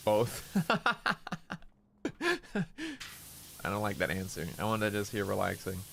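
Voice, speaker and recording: During a game stream, a man makes relaxed small talk, unexpressive and low-key, consciously pushing his voice into a lower register. He sounds gravelly, and there's a faint hiss or hum.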